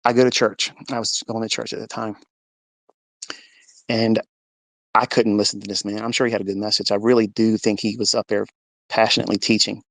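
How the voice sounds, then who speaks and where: Gravelly guy telling his story, dry close mic, gets fired up acting out the quotes. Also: on the low side, flat delivery, a little fast, long pauses, dry recording. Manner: earnest storytelling, acts out quotes with rising intensity. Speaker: host. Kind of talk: personal testimony to a live audio room.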